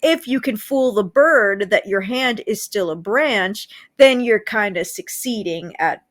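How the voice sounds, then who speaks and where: A woman's voice: medium pitch, expressive. Playful woman co-hosting a podcast. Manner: playful, quick to laugh and tease. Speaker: anime review podcast co-host. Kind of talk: casual chat.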